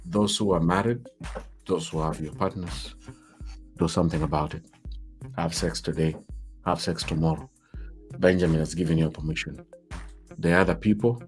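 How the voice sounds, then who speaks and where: A man hosting a live talk show, speaking emphatically, repeating himself and teasing his viewers. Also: sits low. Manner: emphatic, repetitive, playfully teasing.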